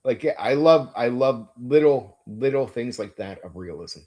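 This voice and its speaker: A man's voice: mid-range voice, lively intonation, normal speed, darkish tone. A man hosting a casual stream about running tabletop games, enthusiastic and emphatic, swearing freely and repeating words as he thinks aloud. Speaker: game master and channel host.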